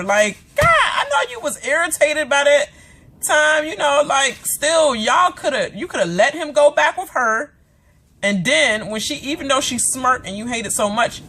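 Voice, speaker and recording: A woman's voice: on the high side, fairly bright tone. A woman vlogger giving a casual, dramatic reaction rant about a TV episode, swearing freely and acting out the characters. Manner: chatty with many fillers and asides.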